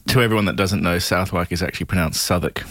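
A man's voice: low-pitched, very fast, breathy edge, no echo. A man co-hosting a podcast, laid-back and chuckling often in casual chat. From Australia. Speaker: podcast co-host.

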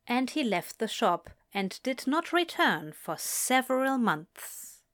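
Slow, lively woman storyteller. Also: medium pitch. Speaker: reader. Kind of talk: audiobook story narration.

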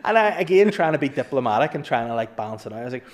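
A man with a medium-pitched, sing-song voice talks very fast in casual chat, swapping anecdotes. He's a storyteller guest who swears, laughs his way through his stories, and acts out what people said.

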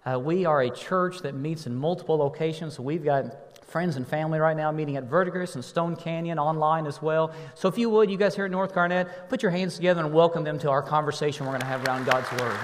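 Man, pastor, sermon, playful storyteller, slightly higher voice, long church reverb. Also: quick pace, some chatter behind. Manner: warm storytelling, playful with the congregation. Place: church sanctuary.

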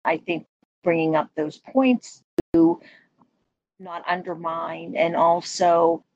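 A woman hosting an interview, asking reflective questions and affirming her guest's points in an encouraging, measured way. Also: lowish voice, little pitch movement, muffled recording. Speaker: podcast host and interviewer. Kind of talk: interview questions and follow-up comments.

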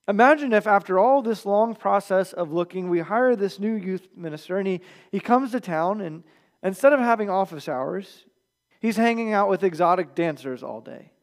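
High-voiced male pastor preaching. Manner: conversational preaching, quiet at phrase ends. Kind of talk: sermon. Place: church.

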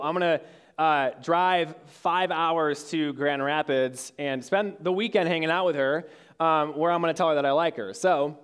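A man's voice: on the high side, a bit bright, smooth. A young man in his twenties giving a casual sermon to young adults, telling a story with lots of fillers and restarts. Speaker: youth speaker. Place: church hall with audience.

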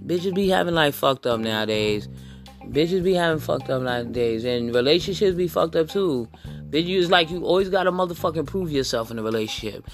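Gravelly man ranting over faint guitar. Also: on the high side, expressive, a little fast. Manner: blunt, rambling and repetitive, with crude slang. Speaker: podcast host. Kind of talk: profane comedic rant.

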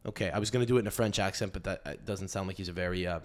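A man's voice: deep voice, rapid-fire. A man from Canada, hosting a podcast as a comedian and riffing animatedly with frequent restarts. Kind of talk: casual podcast monologue.

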